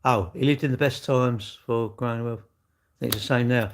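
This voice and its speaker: A man's voice: mid-range voice, steady tone, normal speed. An older man chats on his own livestream in a blunt, argumentative way. He swears freely and answers his commenters head-on. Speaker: livestream host. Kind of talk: casual livestream chat.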